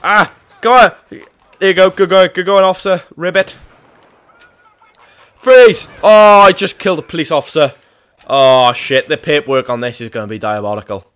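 Excitable gamer with a bright, forceful voice. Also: male voice, fairly high pitch, fairly quick. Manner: excitable, swings between loud yelps and muttered asides. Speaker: gaming channel host. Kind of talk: joking cop role-play during multiplayer gameplay.

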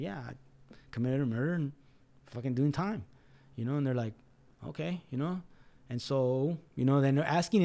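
A man's voice: on the high side, a little mellow. A man on a podcast telling a story in casual talk, swearing a lot and acting out what others said. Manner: swears often, acts out others' lines. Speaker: podcast guest.

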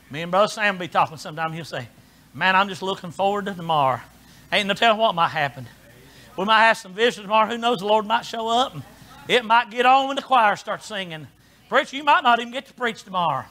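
A middle-aged preacher man with a high, bright voice. He talks in a folksy, down-home way, dropping to soft asides and then rising to shouted preaching. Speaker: pastor. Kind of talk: sermon.

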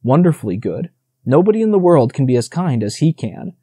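A man's voice: mid-range voice, big pitch swings, a little fast, warm tone, breathy edge, no room sound, clean studio sound. A man reading the part of a proud young male deer who boasts about his time with people, in an audiobook. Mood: boastful.

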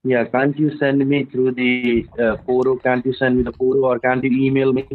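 A man's voice: mid-range voice, monotone, moderate pace. Man pressing requests over a tinny phone line. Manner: insistent, repeats requests. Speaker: phone scammer. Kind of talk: phone call.

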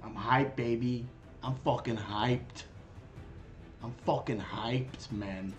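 A man's voice: mid-range voice, fairly even intonation, takes it slowly, soft background music. A young man streaming a video game, talking in a hyped, goofy way and swearing a lot. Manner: hyped, goofy, swearing, puts on a mock leprechaun voice. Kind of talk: casual gaming stream chat.

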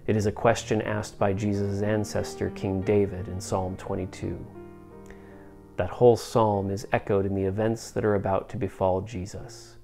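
Solemn, gravelly-voiced man reading scripture. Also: on the low side, flat delivery, moderate pace, warm tone, faint music behind. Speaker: scripture reader. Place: church service.

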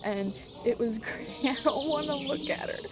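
A woman's voice: high voice, moderate pace. A woman streaming a horror game, squeamish and nervous, repeating words and laughing often through a headset mic.

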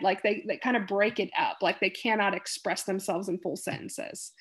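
A woman teaches a nursing class in a loose, conversational way. She rambles a little and fills her pauses with plenty of "um" and "like". Her voice sits at an ordinary middle pitch. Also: fairly even intonation. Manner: chatty, rambling, many fillers and acted-out patient quotes. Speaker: nursing instructor. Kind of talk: casual recorded lecture.

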